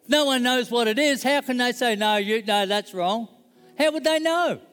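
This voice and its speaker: A man's voice: very high-pitched, normal speed, fairly bright tone, clean tone, long reverb tail. A middle-aged man preaching a sermon in a conversational, joking way and checking in with his audience. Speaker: pastor.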